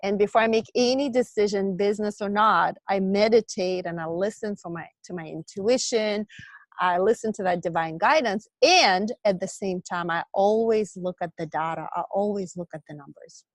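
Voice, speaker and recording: A woman leading an online business training, energetic and coaching, guiding breathing and chanted affirmations. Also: medium pitch, moderate pace, dry recording.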